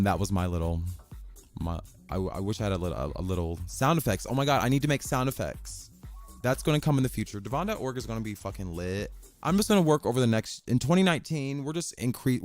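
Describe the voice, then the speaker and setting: A man with a fairly low-pitched voice hosts a casual solo podcast from his bedroom. He rambles excitedly, swears offhandedly, and reads passages aloud from a website.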